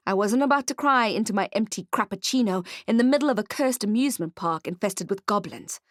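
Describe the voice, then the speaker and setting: A woman's voice: medium pitch, no echo, clean studio sound. A woman narrating a first-person urban fantasy audiobook in a wry, hardboiled detective manner.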